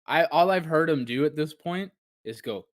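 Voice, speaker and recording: A man's voice: a little high, expressive, moderate pace, no echo. A man co-hosting a podcast in casual chat, rambling with many restarts and acting out his own reactions. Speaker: podcast co-host.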